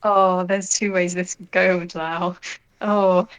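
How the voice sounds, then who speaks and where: Unhurried woman narrating a tabletop game. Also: on the low side, little pitch movement, clear, resonant tone, poor audio. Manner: unhurried, chatty, fond. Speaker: tabletop player.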